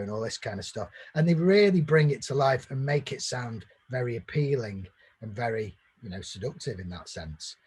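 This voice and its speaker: A man's voice: mid-range voice, moderate pace, darkish tone, breathy edge. A man giving a conversational marketing presentation, explaining at length with fillers and restarts.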